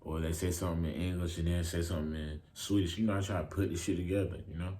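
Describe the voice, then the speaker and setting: A man's voice: deep voice, flat delivery, fast talker, warm tone. A man reacting to a video in a laid-back, slangy way, cursing freely as he comments. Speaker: reaction vlogger.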